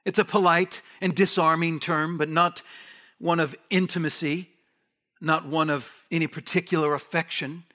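Impassioned preacher man, higher voice. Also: fairly even intonation, moderate pace. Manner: preaches with wide swings from hushed near-whisper to raised urgent voice. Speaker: pastor. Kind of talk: sermon.

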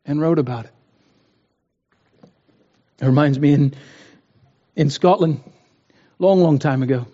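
A man's voice: on the high side, warm tone. Man, preacher, sermon, earnest, impassioned, long hall echo, muffled sound. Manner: earnest, rising to impassioned pleas. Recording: dull, roomy hall sound.

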